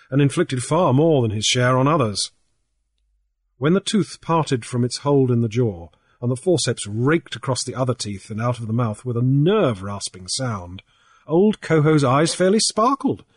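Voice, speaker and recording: A man reading a novel aloud in measured, even scripted narration. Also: mid-range voice, slightly rough, dry recording, clean studio sound. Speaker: audiobook narrator.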